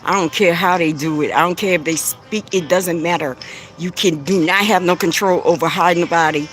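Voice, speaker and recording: A man hosting a live stream of spiritual readings talks casually to commenters, bluntly taunting them, laughing often, and repeating himself. His voice is on the high side and a bit bright, steady in tone at a moderate pace, with soft background music.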